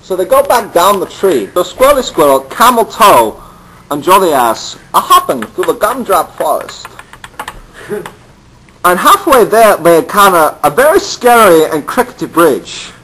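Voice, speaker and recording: Deadpan man telling a kids' story. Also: high voice, a little slow, husky, low-quality recording. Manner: deadpan, rambling, addresses children. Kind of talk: bedtime-story narration for kids.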